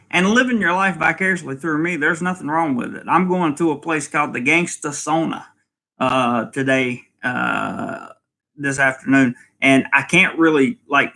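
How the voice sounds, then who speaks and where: Bright-voiced man chatting casually. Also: medium pitch, vocal fry. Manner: rambling, many fillers, chuckles often. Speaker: vlog host reading viewer comments. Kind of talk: casual live-stream chat.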